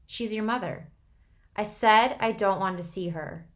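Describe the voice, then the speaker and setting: A woman's voice: normal speed, lightly acted. A woman reading the part of a badly hurt, frightened teenage boy, his voice shaky and pleading. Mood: upset. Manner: shaky, pleading, rising into high breaks.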